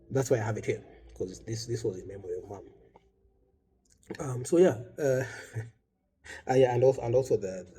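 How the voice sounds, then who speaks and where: A man speaking as host, telling a personal story in a halting, reflective way, with restarts and small laughs. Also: fairly low pitch, warm tone, slightly rough. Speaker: vlog host.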